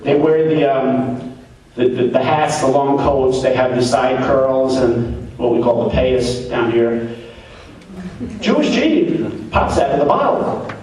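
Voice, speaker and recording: Rambling comedian emceeing in an echoey room. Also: male voice, mid-range voice, expressive, takes it slowly, a little mellow. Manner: rambling, repeats words. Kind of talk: live stand-up joke telling. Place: live comedy venue. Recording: echoey live room, mic at a distance, faint noise.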